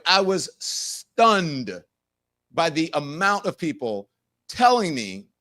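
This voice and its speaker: A middle-aged man with a mid-range voice hosts his own show, recounting a story in a casual, animated way. He acts out the voices of the people he quotes and swears freely.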